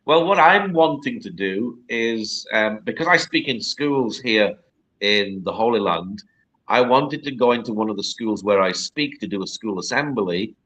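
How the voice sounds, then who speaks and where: A man's voice: on the low side, animated, normal speed, fairly bright tone, dull audio. A man from northern England, a poet and guest, chatting casually and rambling a little in an interview over a video call. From northern England, near the Scottish border. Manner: chatty, rambling, repeats words for stress.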